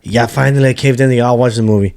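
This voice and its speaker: A man with a mellow, rounded voice and a middle pitch, talking casually on a chat show. He swings between English and Spanish mid-sentence and swears freely. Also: fast. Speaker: podcast co-host.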